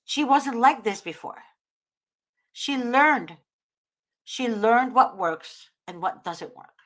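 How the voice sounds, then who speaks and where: A woman's voice: a little high, animated, slow pace, a bit bright. A woman hosting a talk show, giving earnest, preachy advice and often invoking God. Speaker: host.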